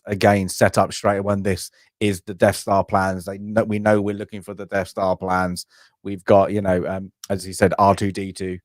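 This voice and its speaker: A man talking through a film scene in a loose, rambling way, stopping and restarting his thoughts often. His voice sits on the low side and sounds close and dry, with no room around it. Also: no room sound. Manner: rambling, hesitant, many restarts. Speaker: podcast co-host. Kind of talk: casual film review chat.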